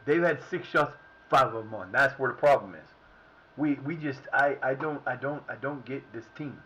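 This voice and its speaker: A man with a drawl talks through a football video game on a live stream, swearing and scolding his team. His voice is bright and forceful, and there is a faint hum of room ambience behind him. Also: mid-range voice, expressive, moderate pace, highs cut off. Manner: frustrated, swearing, talking at his players and the referee. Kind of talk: live gameplay commentary.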